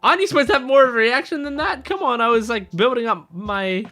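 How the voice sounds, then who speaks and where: A man voicing an exasperated young male nobleman, whiny and rushed as he complains. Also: extremely high pitch, bright, forceful tone, faint music behind, pitched above the performer's own voice, heavily acted.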